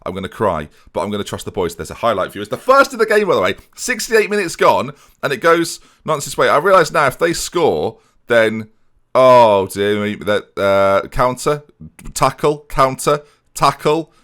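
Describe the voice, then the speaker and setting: A man's voice: mid-range voice, very animated, normal speed, a bit bright. A man commentating on his own football management game, chatty and talking straight to his viewers, given to exasperated outbursts. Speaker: video game streamer.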